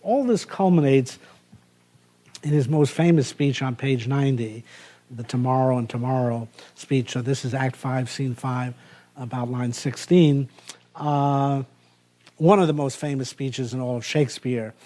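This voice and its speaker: Mellow-voiced male professor lecturing. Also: medium pitch. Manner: thoughtful, with frequent "uh" pauses. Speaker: university professor. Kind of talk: university lecture. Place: lecture hall.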